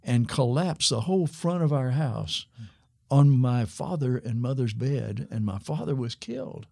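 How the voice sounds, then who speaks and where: An older man telling a story in an unhurried way, with a gravelly, husky low voice and a dry sound close to the mic. He acts out the quoted lines of the people he describes. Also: darkish tone, dry recording. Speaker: guest, former missionary pastor. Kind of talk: storytelling in a podcast interview.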